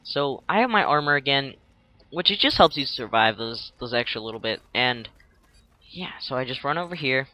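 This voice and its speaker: A man's voice: medium pitch, expressive, moderate pace, sharp tone, no echo. A young man casually narrating his gameplay as a tutorial, rambling and jokey, acting out enemies in silly voices.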